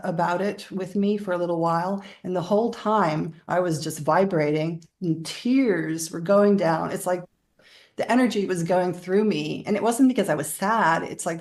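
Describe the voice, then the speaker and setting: Low, gravelly woman telling a story. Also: a little mellow. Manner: rambling, laughs often while telling stories. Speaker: interview guest. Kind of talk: conversational storytelling.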